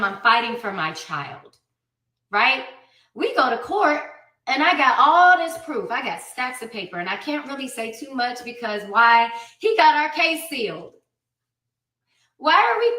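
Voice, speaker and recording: A woman in her thirties tells her story bluntly and without filter, swearing freely and hammering her points home. Her voice sits fairly high and sounds sharp and bright. It carries the echo of a roomy space, with the mic some distance away. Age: 30s. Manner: blunt, profane and emphatic. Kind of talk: candid personal account.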